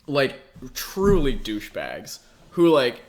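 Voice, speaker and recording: A man's voice: mid-range voice, takes it slowly. A young man co-hosting a podcast, telling stories in casual chat, acting out online chats with lots of swearing and filler words. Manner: animated storytelling, acting out chat exchanges. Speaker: podcast co-host.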